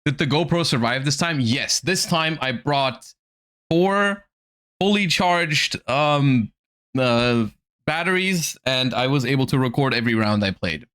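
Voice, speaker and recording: A man's voice: medium pitch, lively intonation, unhurried, fairly bright tone, smooth. A man streaming live, chatting casually with his viewers and reacting to a video, his throat a little sore.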